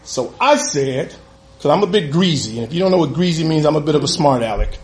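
A man doing stand-up, telling a story with lively delivery, laughing as he goes and acting out the other people in it. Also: a little high, quick pace, reverberant. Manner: animated, laughs through his own story, acts out other voices. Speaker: comedian.

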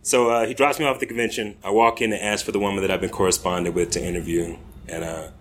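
A young American man spinning a casual podcast anecdote, loose and chatty, full of fillers and easy laughter. His voice sits fairly low, and a faint hiss sits under the recording. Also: fairly even intonation, fast. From United States. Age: young adult. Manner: laid-back, laughing, filler-heavy. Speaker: podcast host. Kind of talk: casual storytelling.

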